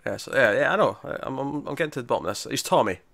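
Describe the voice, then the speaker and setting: A man recaps a TV episode in casual chat, jumping back into scenes with quick restarts and frequent laughter. His voice sits at an ordinary middle pitch. The recording is close and dry. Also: creaky, no room sound. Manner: animated retelling, laughs often, many restarts. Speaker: podcast co-host.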